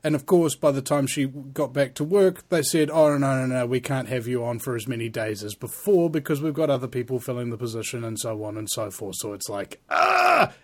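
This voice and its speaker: A man's voice: medium pitch, a little fast, hardly any pauses, a little mellow. A man hosting a talk radio show, speaking in a rambling, earnest monologue with many fillers.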